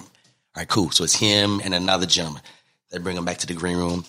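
A man, a comedian, telling animated stories in an interview, acting out the people he quotes. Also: deep voice, fast talker. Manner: lively, acts out quotes in different voices. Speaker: comedian and guest.

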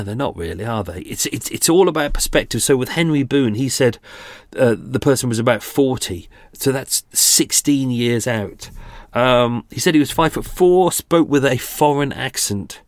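A man's voice: medium pitch, no echo. A man in his forties hosting a true-crime podcast, talking casually with many restarts and self-deprecating asides. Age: 40s. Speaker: podcast host.

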